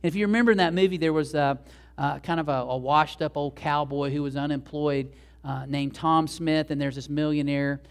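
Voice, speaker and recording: A man's voice: a little high, steady tone, fairly quick. A male pastor giving a sermon, telling a story in a conversational way with asides to the congregation.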